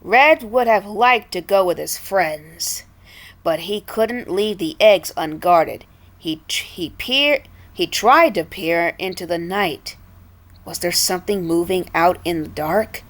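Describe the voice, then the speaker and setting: A woman's voice: lowish voice, slow. A woman reading a storybook aloud expressively, with small restarts now and then. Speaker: storybook reader.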